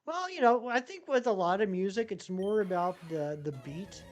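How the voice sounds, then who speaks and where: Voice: medium pitch, expressive, moderate pace, dull audio. A live streamer with a general American accent, casually reading chat messages aloud and answering them at length.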